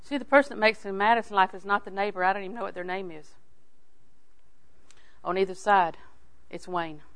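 An older woman teaching a sermon on scripture in a folksy, animated way, swinging between loud emphasis and hushed asides. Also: mid-range voice, a little fast. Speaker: Bible teacher.

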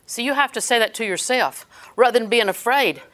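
A woman's voice: a little high, a little fast, fairly bright tone. A woman preaching a sermon in an earnest storytelling way, quoting scripture as she goes.

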